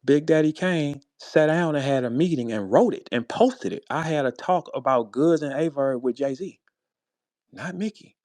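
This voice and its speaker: A man with a St. Louis accent calling out a rival in a heated, profane monologue, tossing in "bro" and "man" and swinging from low muttering to loud high outbursts. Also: moderate pace, no room sound. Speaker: battle rapper addressing a rival. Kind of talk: heated monologue on a live audio space.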